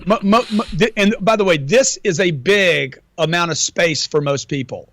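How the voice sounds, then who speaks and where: A man's voice: sits high, normal speed, fairly bright tone, no room sound. A middle-aged man as an interview guest, talking in a brash, slangy, profane way and calling everyone man and dude. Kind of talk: casual interview talk.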